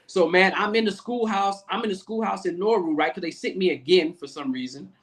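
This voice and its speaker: A man who is a guest on a podcast, a Navy command master chief, telling stories in a relaxed, rambling way. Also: high-pitched, brisk. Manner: relaxed, rambling storytelling with fillers. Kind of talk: casual storytelling chat.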